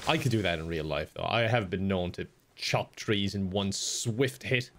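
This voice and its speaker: A man's voice: low voice, lively intonation, normal speed, heavy background noise. A young Irish man giving self-deprecating, comedic commentary while playing a game at his home desk, laughing often. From Ireland. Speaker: gaming YouTuber.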